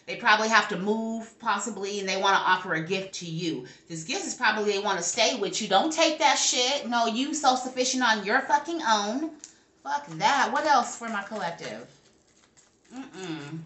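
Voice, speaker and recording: A woman's voice: mid-range voice, lively intonation, moderate pace, bright, forceful tone, roomy sound. A woman giving a casual tarot reading to camera, brash and profane, talking back to her spirits as she goes. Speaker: tarot reader.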